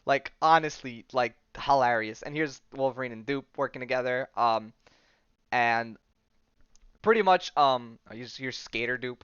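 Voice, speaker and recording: A man's voice: mid-range voice, a little slow, a bit bright, clear, resonant tone, dry recording, highs cut off. A man hosting a podcast, recapping comics in a casual, rambling way, full of "like", "um" and slang. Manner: rambling, heavy use of "like" and "um"; enthusiastic slang, says "dude" and "bro". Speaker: podcast host.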